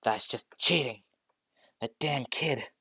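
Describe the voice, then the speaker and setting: A man's voice: fairly low pitch, unhurried, no room sound, lightly acted. A young man voicing a sneering male villain leader in a fan story, taunting and mocking. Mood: angry.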